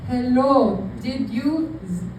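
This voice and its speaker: A woman voicing a male phone scammer in halting, broken phrasing with a put-on Indian English accent, from the stage in an echoey venue. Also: high-pitched, lively intonation, darkish tone, a little hiss or hum, pitched above the performer's own voice. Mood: pushy. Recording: echoey venue, mic far off.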